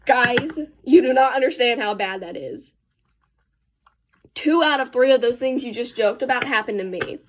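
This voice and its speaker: A teenage girl tells a rambling story in casual vlog style while doing her makeup. She talks in a fairly high voice and drops slangy asides as she goes. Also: lively intonation, normal speed. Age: teens. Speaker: vlogger.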